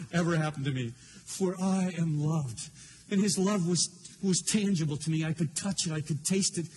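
A man's voice: high-pitched, fairly bright tone, a little hiss or hum. An older man preaching a sermon, telling a personal story in an earnest, emotional way. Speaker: pastor.

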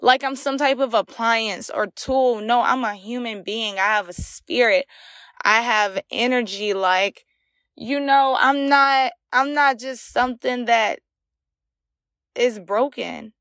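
A woman's voice: on the high side, slow pace, fairly bright tone, no room sound, clean studio sound. A young woman hosting a solo podcast, telling a raw, emotional personal story with many fillers. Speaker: podcast host. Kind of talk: candid solo podcast monologue.

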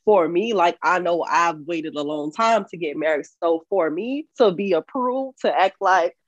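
A woman's voice: fairly low pitch, expressive, measured pace, dry recording. A woman co-hosting a podcast, talking in a candid, earnest way with laughs between her points. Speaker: podcast co-host. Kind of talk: casual podcast conversation. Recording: slightly dull, muffled audio.

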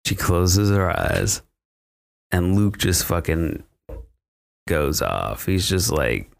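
A man with a very low, gravelly voice talks through a film plot on a podcast. His delivery rambles and is full of fillers, curses and laughs. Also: sing-song, slow. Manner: rambling, profane, laughing often. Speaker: podcast co-host recapping a film. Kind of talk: casual chat.

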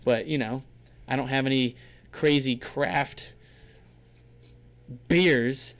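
A man's voice: medium pitch, fairly even intonation, takes it slowly. A man co-hosting a casual livestream podcast, joking and hyping up his audience. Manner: joking, hype-building. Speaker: podcast co-host.

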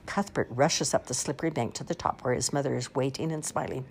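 A woman reading children's picture books aloud in an expressive, sing-song storytelling manner. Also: extremely low pitch, fast talker, vocal fry, husky.

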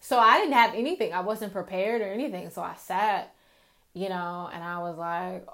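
A woman shares a personal faith testimony in an unscripted, conversational way. She rambles candidly and keeps checking in with her listeners. When she recounts her prayers, her voice turns quiet and subdued. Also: on the low side, moderate pace. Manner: candid, reflective, speaks in run-on stories with many "like" and "right?". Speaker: faith vlogger. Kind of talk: casual testimony to viewers.

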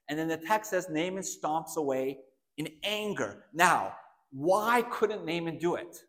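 A man's voice: on the high side, expressive, slow. Male pastor preaching in a reverberant hall. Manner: dynamic preaching, swings from hushed to loud emphatic. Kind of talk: sermon.

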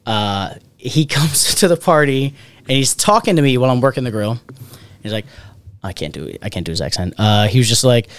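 This man's medium-pitched voice is brisk, clear and resonant, recorded with no room sound. He's a podcast host from Alabama family roots, casually telling drawn-out party tales, cursing liberally and performing the quoted lines with animated flair.

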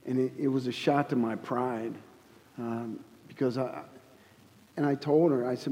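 Guy giving his testimony at church, mellow voice, keeps restarting, sounds a bit dull and echoey. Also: mid-range voice, fairly even intonation. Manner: halting, earnest storytelling with many restarts. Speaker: guest speaker giving testimony. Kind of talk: personal testimony at a church service.

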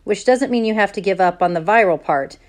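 A woman's voice: medium pitch, brisk. A woman teacher reading a novel aloud to her class in a plain, conversational way.

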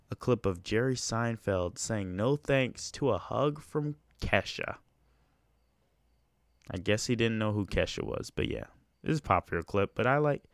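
Podcast host, young man, low voice, dry close sound, easygoing rambling delivery. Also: creaky, smooth, no room sound. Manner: rambling, loose and conversational with frequent fillers. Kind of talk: casual solo podcast chat.

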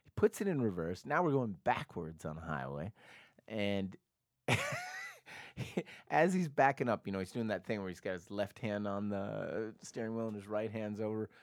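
A man's voice: on the low side, moderate pace, dry recording, clean studio sound. A man co-hosting a podcast, telling stories in casual chat, acting out voices and laughing often. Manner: animated storyteller, acts out voices and laughs often. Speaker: podcast co-host.

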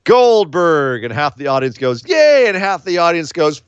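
A man co-hosting a casual wrestling talk show, ranting sarcastically and mocking with quick impressions. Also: a little high, expressive, clear, resonant tone, dry recording, lo-fi sound. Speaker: podcast co-host. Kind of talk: casual wrestling commentary chat.

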